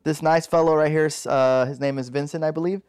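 A man's voice: a little high, steady tone, fairly quick, a little mellow, smooth, dry recording, studio quality, close to an everyday voice. A man playing a folksy panel moderator giving a loose, casual introduction of a guest.

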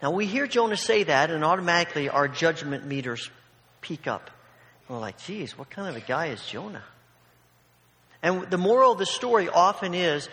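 High-voiced preacher with humorous asides. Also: male voice, pushed and bright, long reverb tail. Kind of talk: sermon.

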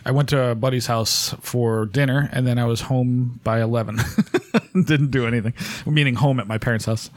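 A man's voice: mid-range voice, fairly even intonation, moderate pace, dry recording. A man co-hosting a casual podcast, laughing often and rambling as he corrects himself mid-sentence. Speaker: podcast co-host.

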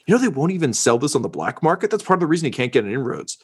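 A man's voice: fairly high pitch, sing-song, very fast, breathy edge, voice pushed up. A man voicing a self-pitying male propaganda reporter who stammers and wants praise. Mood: rambling.

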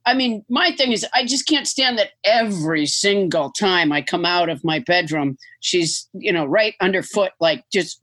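A woman comedian and podcast host chatting wryly and reading a comic monologue, deadpan at times and bursting into shouted mock excitement. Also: lowish voice, moderate pace, hardly any pauses. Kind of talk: comic chat and scripted comic monologue. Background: music.

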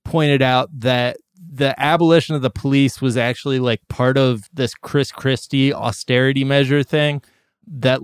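A man's voice: mid-range voice, smooth, dry recording, clean studio sound. A man co-hosting a podcast, talking in a rambling, offhand, profane way. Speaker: podcast co-host. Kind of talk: casual chat.

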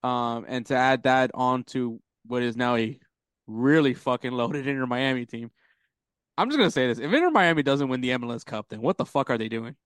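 A man of ordinary pitch talks soccer on a podcast in a loose, rambling way, cursing freely. His voice comes through smooth and resonant. The recording is dry and close. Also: brisk, fairly bright tone, dry recording. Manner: rambling, swears, laughs often. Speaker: podcast co-host. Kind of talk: casual soccer chat.

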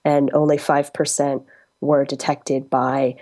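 A woman with a low-pitched voice speaks in a radio interview. She explains her reporting in a thoughtful way, pausing often with ums and uhs. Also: little pitch movement, warm tone. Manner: thoughtful, with frequent um and uh.

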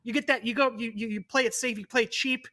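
A man in casual podcast chat who gives rambling, halting advice full of fillers. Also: very high voice, steady tone, bright, forceful tone.

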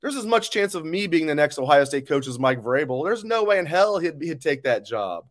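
A man's voice: a little high, big pitch swings, a little fast. A man hosting a live sports talk stream, ranting angrily and bluntly, with swearing, as he reads viewer comments. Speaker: sports show host.

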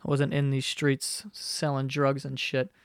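Young man, twenties, podcast host, rambling, profane, self-deprecating, smooth voice, dry close mic. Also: medium pitch, monotone, unhurried, no room sound. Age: 20s. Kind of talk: casual solo podcast chat. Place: basement bedroom at home. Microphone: podcast microphone.

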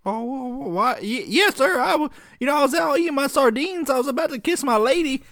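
Man doing a nervous stammering defendant, high squeaky voice, dry close sound. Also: lively intonation, a little fast, a bit bright, no room sound, full character voice. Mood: pleading. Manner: stammering, high-pitched, pleading.

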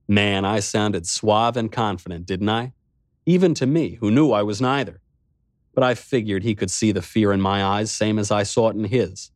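A man's voice: fairly low pitch, normal speed, no echo, studio quality. A man reading a first-person story aloud in a wry, sardonic manner. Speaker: narrator. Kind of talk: first-person audiobook narration.

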